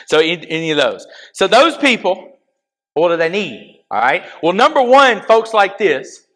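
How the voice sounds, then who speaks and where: Young guy preaching to teens, kinda high voice, super casual, keeps asking "okay?". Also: big pitch swings, measured pace, fairly bright tone. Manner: conversational, checks in with frequent "okay?"; talks straight to the audience, asks them questions. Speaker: youth pastor. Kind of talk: casual youth sermon.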